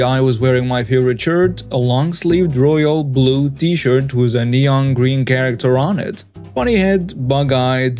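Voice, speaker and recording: A man narrates stories in a steady, scripted reading voice. His pitch sits in the middle of the usual male range. Quiet background music plays beneath him throughout. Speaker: story channel narrator. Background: faint background music.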